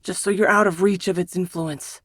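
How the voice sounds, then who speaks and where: A woman reading the part of a protective young male mage brother, speaking softly and urgently in an audiobook. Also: lowish voice, steady tone, moderate pace, dry recording, clean studio sound, close to an everyday voice. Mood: tender urging.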